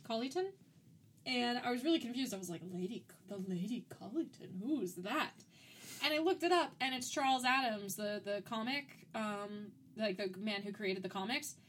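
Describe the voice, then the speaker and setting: A woman's voice: a little high, moderate pace, fairly bright tone, slight background noise. A young adult woman hosting a podcast, chatting casually and laughing often through her sentences. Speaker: podcast host. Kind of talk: casual chat about a movie.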